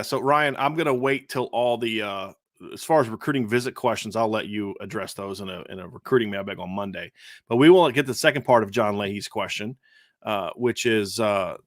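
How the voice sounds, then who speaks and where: Sports pod host guy, chatty and lively, dry sound. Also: fairly low pitch, no echo. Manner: animated, laughs and acts out quotes. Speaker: podcast host. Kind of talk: casual sports chat.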